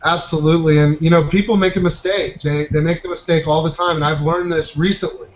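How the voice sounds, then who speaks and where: A man with a slightly high voice hosts a casual group call, encouraging and upbeat. He fills his talk with plenty of "you know" asides. The call audio sounds dull and roomy, with a faint hiss behind him. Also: steady tone, brisk. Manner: upbeat, encouraging, with many fillers. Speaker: host of a marketing coaching group call.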